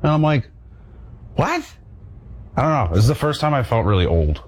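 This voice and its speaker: A young woman in casual chat, ranting in an animated, profane way and mocking others in put-on voices. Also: very deep voice, very fast. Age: young adult.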